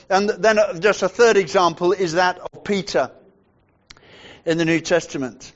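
A man preaching a sermon in a measured way, dropping to a hushed voice to stress points. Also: high-pitched, lo-fi sound.

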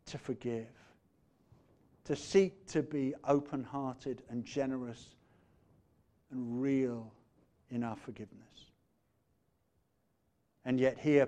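A man preaching a sermon, measured, letting phrase endings fall quiet and growing animated when he retells a story. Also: mid-range voice. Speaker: pastor.

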